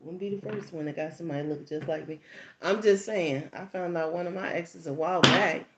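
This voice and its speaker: A middle-aged woman hosting her own channel, telling a story in a casual, animated way, laughing often and acting out the people in it. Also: on the low side, a little fast, background noise. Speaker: tarot channel host.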